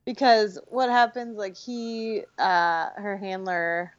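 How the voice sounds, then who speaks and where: A woman's voice: medium pitch, steady tone, dry recording, lo-fi sound. Wry, chatty woman podcaster. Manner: chatty, quick back-channel agreement, wry. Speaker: podcast co-host reviewing a film. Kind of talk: casual chat.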